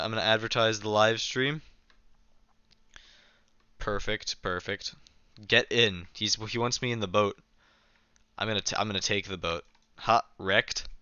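A man's voice: lowish voice, bright, forceful tone, clear, resonant tone, dry recording, highs cut off. A young man casually live-streaming a game, chatting and reading his chat aloud with a self-mocking manner, keyboard clicks behind.

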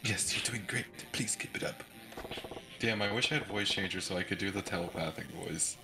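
A man's voice: deep voice, fairly quick, gravelly, low-quality recording. A man co-streaming a game, chatting casually and tossing in teasing, offhand jokes. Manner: teasing, offhand, jokey remarks. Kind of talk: casual gameplay chat. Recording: faint game music behind.

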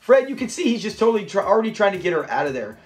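A man from Southern California casually recapping a sitcom episode, chatty and quick to laugh as he acts out the lines. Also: sits high, very animated. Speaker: host of a sitcom review channel.

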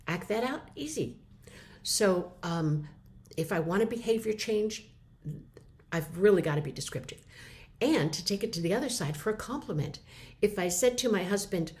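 Low-voiced woman teaching communication. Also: animated, moderate pace, a little mellow. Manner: conversational, explains with short acted examples. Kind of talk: instructional talk to camera.

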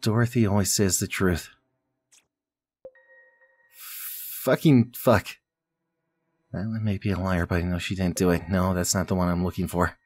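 Low-voiced, swearing gamer man. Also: flat delivery, fast talker, few pauses, darkish tone. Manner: reads story text aloud, breaks off with swearing and muttering to himself. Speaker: let's play gamer. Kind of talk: casual game commentary and reading aloud.

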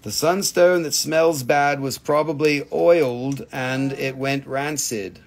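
A man's voice: medium pitch, fairly even intonation, slow pace. A man hosting a live stream gem sale, with joking sales patter and a put-on quirky accent that comes and goes.

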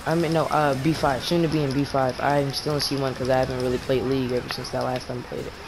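Teen boy on voice chat mid game, gets loud and cracks, middle pitch, lots of hiss behind. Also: fast talker. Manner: excitable, shouts during fights, voice cracks upward. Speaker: gamer streaming with friends. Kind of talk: casual voice chat while gaming.

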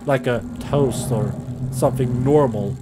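A man's voice: mid-range voice, unhurried, noisy background. A man commentating a horror game as he plays, nervous and jittery, swearing and laughing to himself and his viewers. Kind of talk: let's play commentary.

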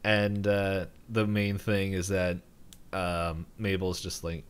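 Lowish-voiced man rambling through a recap. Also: completely flat delivery, takes it slowly, clean tone. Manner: rambling, laughs often, quotes characters in raised voices. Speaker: podcast co-host. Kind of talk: casual chat recapping an episode.

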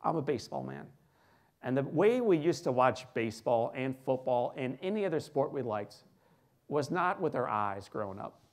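An American man giving an inspirational storytelling speech, swinging between loud emphasis and hushed asides and asking the audience questions. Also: medium pitch, sing-song, moderate pace. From United States. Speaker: motivational keynote speaker.

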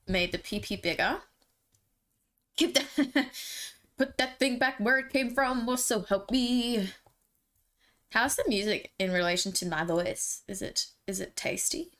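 A woman's voice: medium pitch, sharp tone. A young woman streamer chatting casually and jokily with her viewers. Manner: chatty, giggly, jokey. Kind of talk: casual live-stream chat.

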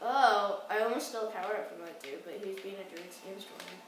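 A young woman playing a racing game with a friend, swinging between excited yelps and mumbled asides. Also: mid-range voice, fast. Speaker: co-player. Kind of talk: casual gaming chat. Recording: very echoey room, mic far off, faint background noise.

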